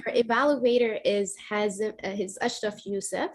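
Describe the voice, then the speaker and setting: A woman hosting a club meeting, introducing speakers slowly and teasing playfully. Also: mid-range voice, fairly even intonation. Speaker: meeting host.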